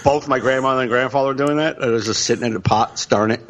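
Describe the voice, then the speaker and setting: A man's voice: mid-range voice, fast, a bit bright. A young man co-hosting a comedy podcast, teasing and laughing a lot. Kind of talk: casual chat.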